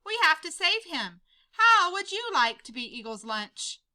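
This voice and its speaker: A woman's voice: extremely high pitch, very animated, unhurried, sharp tone, voice pushed up, full character voice. A woman voicing a brave little prairie dog leader in a storybook read-aloud, urgent and rallying.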